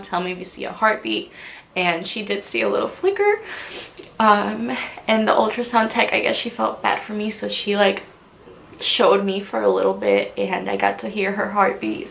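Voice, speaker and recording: A woman's voice: medium pitch, gravelly, fairly bright tone, a little hiss or hum. A young woman in her twenties telling her own story in a vlog, her voice catching as she talks through tears, with many fillers. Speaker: vlogger. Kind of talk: emotional personal storytelling.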